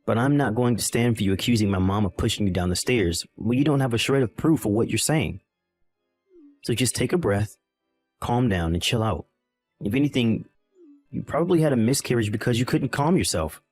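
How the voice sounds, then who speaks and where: A man's voice: medium pitch, expressive, fairly quick, a little mellow, dry recording, faint music behind, lightly acted. A man playing a callous, dismissive husband. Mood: impatient. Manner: dismissive, impatient. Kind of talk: voiced text-message drama.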